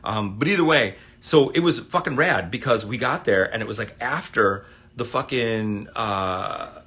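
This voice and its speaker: A man with a bright, forceful voice tells a meandering story, swearing freely and circling back as he goes. He talks casually into his phone for a livestream. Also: lowish voice, a little slow. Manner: rambling, profane, laid-back. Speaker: livestream host.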